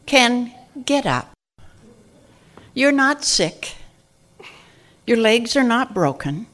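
A calm, unhurried voice of God, which a woman performs in a church skit. She speaks in a low-set tone and takes every phrase slowly and deliberately, gentle and reassuring. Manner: slow, measured and reassuring.

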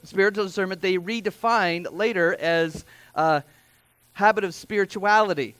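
A male pastor delivers a sermon in a high, light voice, keeping it conversational with quick asides and self-corrections. The sound is dry and close, with no room around it. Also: a bit bright, dry recording.

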